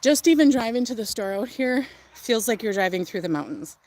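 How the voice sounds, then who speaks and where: Broadcasting live from her farm outdoors, a young host gives a casual tour, gushing and chatty with laughs and filler words. Her fairly quick, expressive voice is on the high side and a little mellow.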